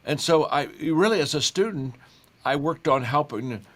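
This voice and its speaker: An older man, a guest author in an interview, speaking in a warm storytelling way with frequent repeated words. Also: fairly high pitch, animated, moderate pace. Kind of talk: conversational interview.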